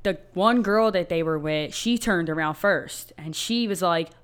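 Smooth-voiced woman, blunt. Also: fairly low pitch, measured pace. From Philadelphia. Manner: blunt, profane, storytelling. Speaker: storyteller. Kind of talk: casual chat.

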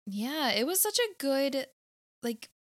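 A woman's voice: high voice, takes it slowly, no echo, clean studio sound. A young adult woman co-hosting a podcast, chatting expressively and giving her opinions. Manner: expressive, opinionated, laughs often. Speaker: podcast co-host. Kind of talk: casual chat.

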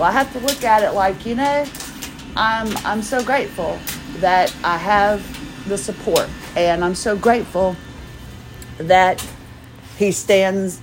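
A tired woman talks casually into her podcast from home, jumping between errands and thoughts in a rambling, self-deprecating way. Her voice sits at an everyday middle pitch, with faint household noise in the background. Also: measured pace. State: tired, moving carefully while pregnant. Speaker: podcast host. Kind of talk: casual personal monologue.

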